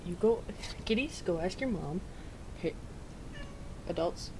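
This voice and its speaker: A woman's voice: mid-range voice, moderate pace, pauses often, slight background noise, poor audio. A woman giving a rambling, giggly tour of her bedroom in a casual vlog, swearing offhand. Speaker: vlogger.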